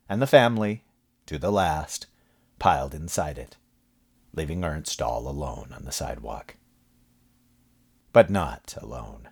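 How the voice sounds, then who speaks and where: A man reads a horror story aloud from a script, with dramatic storytelling. His voice is very deep and husky. His pitch rises and falls a great deal to build tension. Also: darkish tone. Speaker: audiobook narrator.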